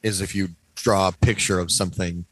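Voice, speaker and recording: A man's voice: low voice, steady tone, fairly quick, no echo, rough recording. A man co-hosting a comedy podcast, wry and teasing in casual chat, sometimes stumbling over words. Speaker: podcast co-host.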